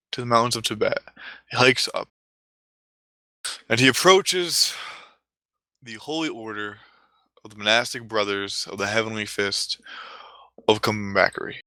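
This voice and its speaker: A man's voice: fairly low pitch, bright, forceful tone, dry recording, poor audio. A man telling a comic story casually, rambling with offhand asides.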